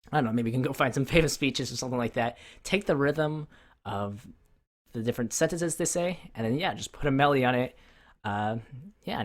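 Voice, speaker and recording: A man giving a casual music tutorial. He rambles in a relaxed way, uses lots of fillers, and hums rhythms aloud to show his points. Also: medium pitch. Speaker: music producer teaching.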